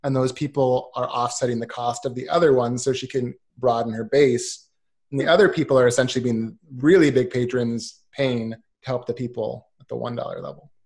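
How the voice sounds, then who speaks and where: A man's voice: medium pitch, steady tone, brisk, darkish tone. Guy on a stream chat, midrange voice, encouraging, lots of restarts. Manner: encouraging, repeats and restarts as he thinks. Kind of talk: casual live-stream chat.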